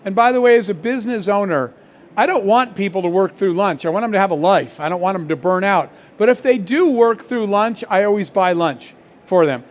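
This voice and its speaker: Man, middle-aged, founder, high voice, storytelling keynote, acts out dialogue. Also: a little fast. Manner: animated anecdotal storytelling with quoted dialogue. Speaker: founder and CEO giving a masterclass.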